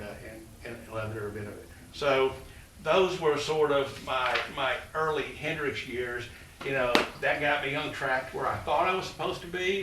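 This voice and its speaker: Older guy rambling through old stories, bright tense voice, echoey room and far off mic. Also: medium pitch. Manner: folksy, rambling, with many fillers. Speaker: college president giving a talk. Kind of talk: storytelling talk to an audience. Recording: echoey room, distant mic, faint noise.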